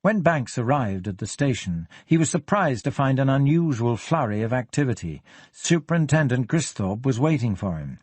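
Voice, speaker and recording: A man narrating an audiobook in a steady, even-paced reading. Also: medium pitch, moderate pace, breathy edge, no room sound.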